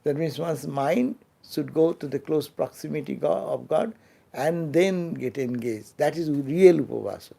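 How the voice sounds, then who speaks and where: A swami with a gravelly, mellow, fairly high male voice leads an unscripted scripture class in a temple lecture hall. He speaks slowly and haltingly, restarting often, filling pauses, and letting phrases fade softly.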